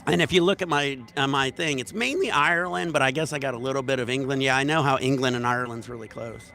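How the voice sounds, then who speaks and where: A man's voice: medium pitch, fast, sharp tone. A man hosting a casual livestream, telling rambling, profane stories at a resort bar. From United States. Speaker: livestream host.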